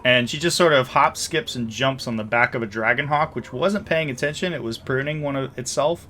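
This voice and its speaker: A man narrating a tabletop game as game master, with frequent pauses and fillers. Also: medium pitch, bright, forceful tone, a little hiss or hum. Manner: hesitant, filler-heavy narration.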